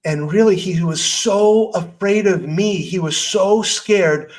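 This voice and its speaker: A man's voice: high-pitched, slow, low-quality recording. A middle-aged man hosting a personal growth podcast, speaking earnestly and candidly in a conversational way. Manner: earnest, candid, conversational with self-talk asides. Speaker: podcast host. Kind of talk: personal motivational talk.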